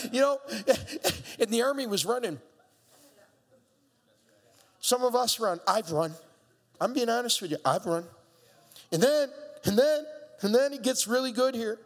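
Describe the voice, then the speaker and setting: A man preaching a sermon, acting out biblical voices and building up to shouts with playful asides. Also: very high-pitched, expressive, unhurried, long pauses. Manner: acts out voices of biblical figures. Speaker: pastor. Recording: long hall reverb.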